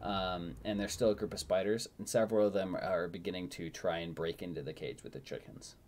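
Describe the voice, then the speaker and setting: A man's voice: sits low, fairly even intonation, fairly quick, a little mellow, a little hiss or hum. A man narrating as game master of a tabletop game, rambling with many fillers.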